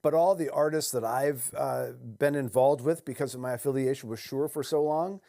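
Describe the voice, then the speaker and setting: A man of average pitch asks questions and reflects aloud in a relaxed interview. His speech is easygoing and conversational, with the odd aside. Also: moderate pace. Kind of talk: casual interview chat.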